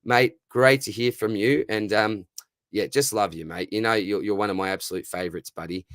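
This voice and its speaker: An Australian man hosting a casual livestream Q&A, hoarse from losing his voice, chummy, calling everyone mate and brother. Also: fairly low pitch, fairly even intonation, brisk, a bit bright, no echo, clean studio sound. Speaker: livestream host answering viewer questions.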